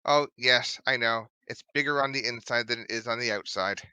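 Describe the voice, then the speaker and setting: A man's voice: medium pitch, fairly quick, bright, forceful tone, clear, resonant tone, no echo, low-quality recording. A man voicing a polite, welcoming hostess. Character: charming woman of the house, hostess.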